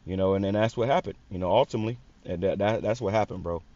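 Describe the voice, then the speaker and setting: A man's voice: on the low side, fast talker, dark tone, dry recording. A man hosting a casual commentary video, reading scripture and viewer comments in a blunt, profane way with many stammered restarts. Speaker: religious commentary channel host. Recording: dry, dull lo-fi sound.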